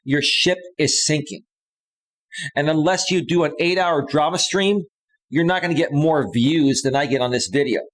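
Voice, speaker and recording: A man's voice: on the high side, moderate pace. Heated man in his thirties ranting live. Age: 30s. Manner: heated, combative, repeats phrases. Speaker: live stream host, life coach. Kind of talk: ranting live stream monologue. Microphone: close studio microphone with a limiter.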